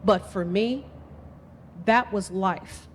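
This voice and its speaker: A woman's voice: medium pitch, slow, slight background noise. Impassioned woman speaking in an echoing hall. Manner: impassioned, emphatic storytelling. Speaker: political candidate. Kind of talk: campaign speech. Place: event hall. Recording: long hall reverb.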